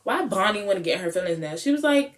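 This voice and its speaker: A woman beauty vlogger telling a casual storytime in a sassy, animated way, stretching out words. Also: medium pitch, quick pace. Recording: echoey room with music behind.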